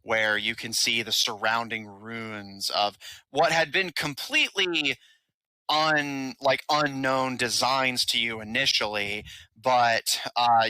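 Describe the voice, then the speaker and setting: Bright, dry-voiced male game master. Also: medium pitch, no room sound, poor audio. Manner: measured narration with filler restarts. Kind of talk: narrating a tabletop game.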